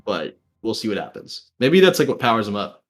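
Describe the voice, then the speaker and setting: A young man giving relaxed, chatty commentary on a live-streamed gaming tournament. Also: lowish voice, a little fast. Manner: easygoing, chatty, lots of fillers.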